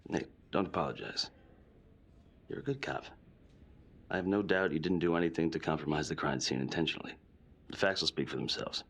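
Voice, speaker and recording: Game police captain, deep and steady, stern but caring. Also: male voice, a little fast, long pauses. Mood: fatherly.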